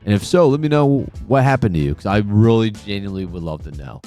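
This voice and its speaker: A man's voice: fairly low pitch, expressive, quick pace, dark tone, faint music behind. A man hosting a horror gaming channel, telling a personal story in a casual vlog with earnest, emphatic insistence that it is true.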